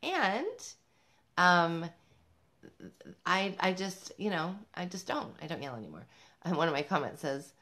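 With a lowish, sharp-toned voice, she speaks in a sing-song way at a measured pace, pausing often. This parenting vlogger addresses mothers directly in an upbeat, emphatic motivational talk, laughing between points.

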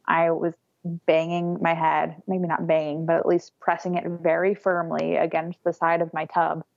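A woman's voice: low voice, level tone, moderate pace, vocal fry, dry recording, lo-fi sound. A young woman casually telling a candid story, often laughing as she talks. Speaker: guest telling her birth story. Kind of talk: casual conversation.

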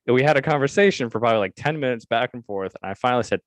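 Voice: medium pitch, animated, fast talker, no room sound. A guest host chatting casually, laughing along and telling a teasing story about the host. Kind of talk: casual chat.

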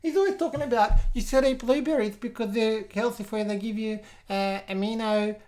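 A woman's voice: fairly high pitch, a little fast, natural voice. A woman playing a bratty bragging little boy. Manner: bratty and boastful, giggly, loud outbursts. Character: cheeky boastful 8-year-old boy. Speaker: podcast host. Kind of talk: comedic improvised character podcast.

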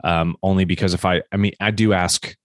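A middle-aged man from the United States, co-hosting a podcast as an emphatic, animated storyteller. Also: deep voice, brisk, dry recording, studio quality. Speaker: podcast co-host. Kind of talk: casual chat.

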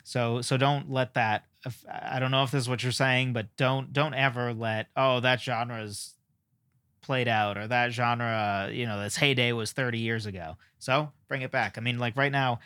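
A man hosts a podcast alone, thinking aloud with frequent fillers and wry asides about himself. His voice sits at an ordinary middle pitch, and it is recorded close and dry with no room sound. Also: steady tone, normal speed, hardly any pauses, fairly bright tone, no room sound. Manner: rambling, self-deprecating, frequent fillers. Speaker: podcast host. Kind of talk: casual solo podcast talk.

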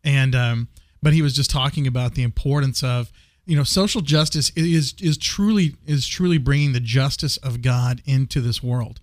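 A man's voice: medium pitch, steady tone, moderate pace, dry recording, clean studio sound. A man in casual conversation, speaking with passion and emphasis, often repeating words as he builds a point. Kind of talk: casual faith discussion.

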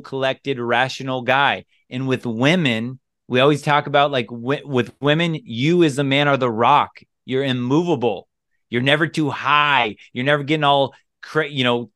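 A man's voice: fairly high pitch, fairly bright tone, no room sound, studio quality. A man co-hosting a podcast, talking earnestly in casual chat and repeating phrases for emphasis. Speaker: podcast co-host.

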